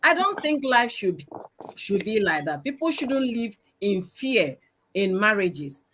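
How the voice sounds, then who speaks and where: Loud Nigerian woman talking with emphasis. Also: medium pitch, big pitch swings, takes it slowly, slight background noise. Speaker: panelist. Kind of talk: casual panel discussion. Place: live stream video call.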